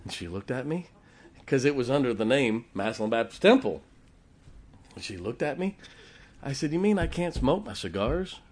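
A middle-aged man from Ohio preaching a storytelling sermon, switching between loud emphatic points and quiet, chatty anecdotes full of fillers. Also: medium pitch, very animated, normal speed, pauses often. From Canton, Ohio. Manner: folksy, frequent fillers and restarts, chuckles.

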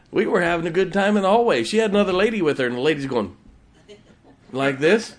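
A man's voice: high-pitched, animated, moderate pace. A male pastor preaching a sermon in church, telling folksy stories and laughing at his own jokes.

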